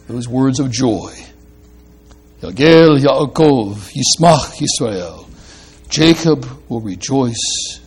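A man preaching a sermon slowly and deliberately, rising to emphatic bursts and reading verse aloud. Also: mid-range voice, a little mellow, a little hiss or hum.

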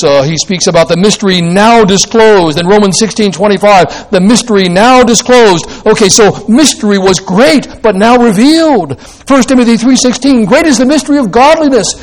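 A male pastor preaching a sermon, teaching through rhetorical questions and wry asides, swinging between loud emphasis and quiet low drops.

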